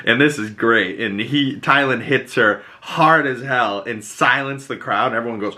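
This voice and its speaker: A man with a bright, forward voice recaps a TV episode for his podcast in loose, profane chat. He keeps dropping into quick acted quotes of the characters as he goes. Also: medium pitch. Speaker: podcast host.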